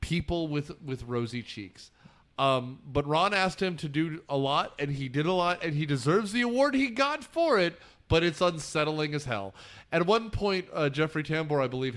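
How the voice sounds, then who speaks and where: Guy hosting a movie podcast, kinda high voice, super animated, does goofy quote voices. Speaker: podcast host. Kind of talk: casual movie-review chat.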